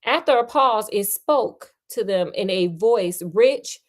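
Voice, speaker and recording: A woman's voice: medium pitch, expressive, slow pace. A woman hosting a livestream read-aloud, narrating a story and breaking off for joking, chatty asides. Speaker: storyteller host.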